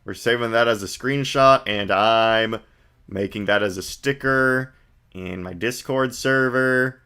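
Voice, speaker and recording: Bright-voiced man streaming a game. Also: mid-range voice, unhurried, smooth. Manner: wry, joking asides. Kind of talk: let's play commentary.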